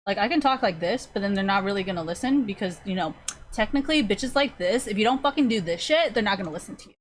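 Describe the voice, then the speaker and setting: Quick-paced and expressive, this woman's mid-range voice comes with slight background noise. As a streamer in casual chat with her viewers, she wanders from topic to topic, curses a lot and leans heavily on fillers.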